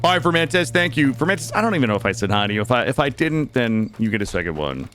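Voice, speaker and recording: A man's voice: mid-range voice, big pitch swings, quick pace, a bit bright, faint music behind. An American man with a cold, chatting casually with viewers while streaming a game, rambling and restarting his sentences. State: has a cold. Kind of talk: casual gaming stream chat.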